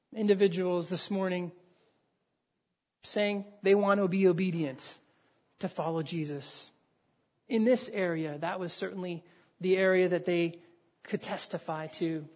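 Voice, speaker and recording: A man's voice: high-pitched, a little mellow. A male pastor delivering a sermon, telling a story with acted dialogue and raising his voice for emphasis.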